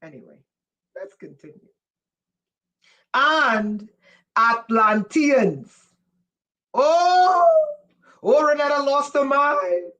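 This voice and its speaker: Woman doing a live spiritual lecture, talks slow, leans hard on her points, keeps asking viewers if they got it. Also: on the high side, lively intonation, pushed and bright, low-quality recording. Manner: emphatic, repeats key lines slowly for effect; asks listeners questions. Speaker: spiritual teacher.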